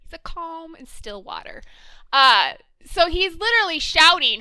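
A woman in her thirties co-hosting a casual podcast, animated and swearing freely, often laughing and acting out other people's lines. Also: very high-pitched, unhurried, no room sound. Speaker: podcast co-host.

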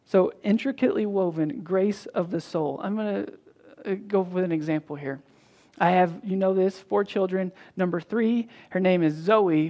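Pastor preaching a sermon, conversational, restarts and repeats often, mid-pitched voice, acts out the dialogue in stories. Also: darkish tone. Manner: frequent restarts and repetitions.

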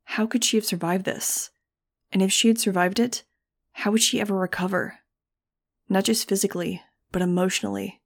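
A woman narrating a first-person audiobook in a measured, grave storytelling manner. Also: medium pitch, level tone, gravelly. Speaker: audiobook reader.

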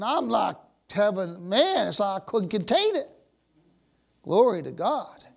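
Woman preacher, slow and drawn out, voice swooping all over, breaks into loud praise. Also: mid-range voice, very animated, vocal fry. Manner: exuberant, bursts into exclamations of praise; dwells on repeated phrases. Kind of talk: sermon.

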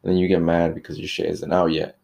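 Young man, low gravelly voice, casual rant, exasperated, lots of "like" and "you know", swears freely. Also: level tone, fast talker, darkish tone. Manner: exasperated, venting about rude customers. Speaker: fast-food shop worker. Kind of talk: casual ranting monologue.

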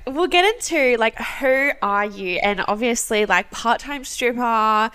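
Bright-voiced woman hosting a podcast. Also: on the high side, clear, resonant tone. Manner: reacts with short laughs and quick interjections. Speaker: podcast host. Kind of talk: casual chat.

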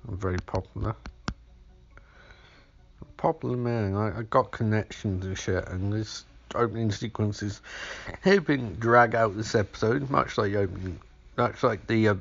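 A man's voice: on the low side, gravelly, highs cut off. A man hosting a comic podcast, rambling and profane, speaking from bed in a hotel room. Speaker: podcast host. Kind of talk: comic film recap.

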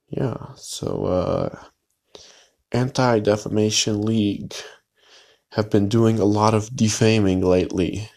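A man's voice: on the low side, creaky, darkish tone. A man hosting a solo podcast, talking in a rambling, hesitant way with many fillers and restarts. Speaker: podcast host.

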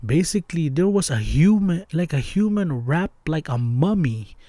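A young man hosting a podcast, telling a scary story in casual chat, excitable and slangy, dropping to hushed tones at tense parts. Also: on the high side, moderate pace, no echo. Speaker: podcast host.

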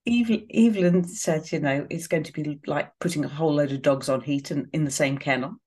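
A woman co-hosting a podcast, recapping a reality show in a relaxed, chatty way. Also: low-pitched, a little fast. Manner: relaxed recapping with fillers and laughs. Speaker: podcast co-host.

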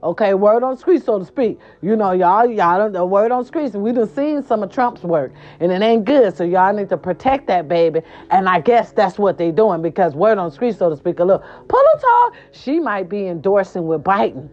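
A woman hosting a casual gossip show, sassy and animated, swearing freely, with a hoarse voice from a sore throat. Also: mid-range voice, normal speed, few pauses, highs cut off. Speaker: host.

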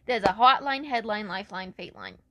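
A woman's voice: medium pitch, brisk, pushed and bright, no room sound. A woman reading palms in a casual comedic chat, giggly and playful, stumbling over her words. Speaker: palm reader.

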